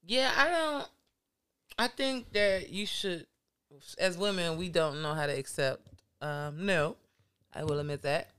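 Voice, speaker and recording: A woman's voice: fairly low pitch, a little slow, long pauses, a bit bright, smooth. A woman in casual chat who questions and pushes back on her co-host.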